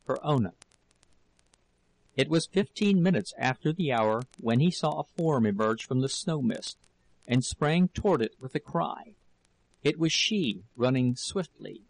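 A man narrating an audiobook of a novel in a measured, steady storytelling manner. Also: medium pitch, creaky, dry recording, rough recording.

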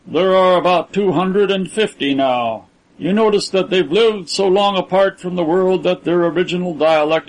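A man's voice: high-pitched, pitched above the performer's own voice, rough recording. A man voicing a haughty, cold rich older man who speaks in a clipped, lordly way.

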